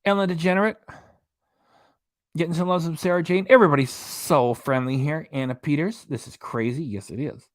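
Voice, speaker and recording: A man's voice: on the high side, fairly even intonation, fairly quick. A man hosting a casual livestream from a small apartment, reading viewer comments aloud and chuckling between them. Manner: chatty, chuckles often, reads chat aloud. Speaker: livestream reaction host.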